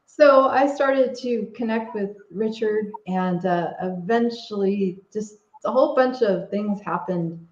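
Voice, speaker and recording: A woman's voice: medium pitch, slow, few pauses, a little mellow, slight background noise. A woman guest speaking in a middle register, searching for words with frequent "uh"s and restarts. Her voice carries a roomy echo, and the sound is a little dull, like a modest online call. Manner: hesitant, many fillers and restarts. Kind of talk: casual interview talk. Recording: echoey, slightly dull audio.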